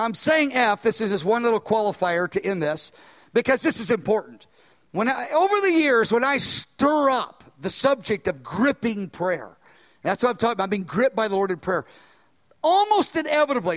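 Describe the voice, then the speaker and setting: An older male pastor preaching with a high, lifted voice. He talks animatedly, pushing some phrases out loudly and dropping into low, quick asides. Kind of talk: sermon.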